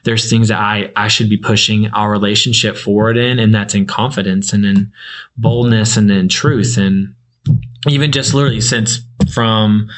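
A man's voice: fairly low pitch, poor audio. A young man in his twenties sharing a personal story in a casual group chat, rambling with many fillers. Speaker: group member.

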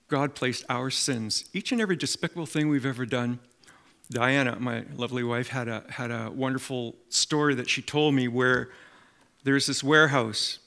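A middle-aged man preaching a sermon, telling stories and making emphatic, animated appeals to the congregation. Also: medium pitch. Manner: animated storytelling with acted quotes and emphatic appeals.

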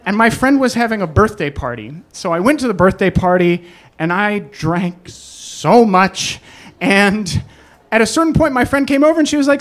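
An animated storyteller recounts a personal story on stage, jumping into voices for each quote. The pitch swings widely while the voice sits in a middle register.

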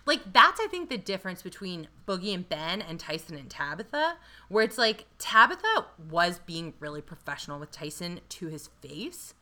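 A woman co-hosting a casual show recap, animated and swearing freely with quick asides. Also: lowish voice. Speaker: podcast co-host.

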